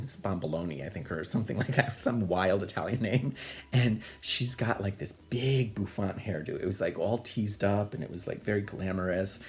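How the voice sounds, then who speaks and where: A man's voice: medium pitch, a little mellow. A man telling a personal childhood story in a casual, chatty, digressive way. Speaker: storyteller, host.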